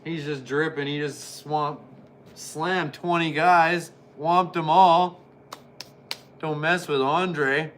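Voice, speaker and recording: A man's voice: on the high side, fairly even intonation, slow, fairly bright tone, a little hiss or hum. A man casually commenting on old wrestling as he watches, rambling and joking. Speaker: wrestling reviewer.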